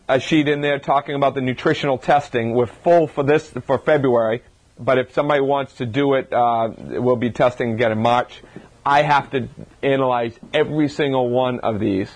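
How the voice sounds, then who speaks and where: A man, a chiropractor, gives an informal lecture to a live audience, talking through his points with rhetorical questions and frequent restarts. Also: medium pitch. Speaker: chiropractor giving a health talk.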